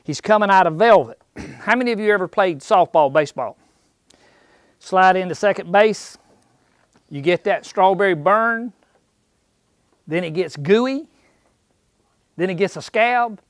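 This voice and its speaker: A man's voice: sits high, unhurried, long pauses, dry recording, clean studio sound. A man giving a folksy, jokey seminar in an indoor archery shop, quizzing the audience as he goes. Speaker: seminar speaker.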